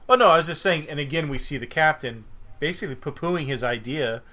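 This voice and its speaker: Bright-voiced man co-hosting a podcast. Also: a little high, animated, fast talker. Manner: loose and rambling, many fillers and restarts. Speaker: podcast co-host. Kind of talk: casual chat.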